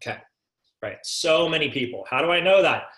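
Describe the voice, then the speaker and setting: In an echoey room, a man leads a sales coaching call with a voice on the high side that's expressive, a little fast and fairly bright. He asks rhetorical questions, checks in with listeners, and keeps saying "right?"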